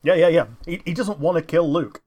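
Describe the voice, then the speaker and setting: A man chatting casually while watching a film, laughing often and chiming in with quick agreement. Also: on the high side, darkish tone. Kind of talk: casual chat reacting to a film.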